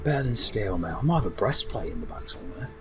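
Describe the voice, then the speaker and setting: A man voicing an old male dwarf blacksmith with a sooty beard, talking slowly and trailing off in a tabletop role-play. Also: fairly low pitch, expressive, music in the background, close to an everyday voice. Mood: gruff.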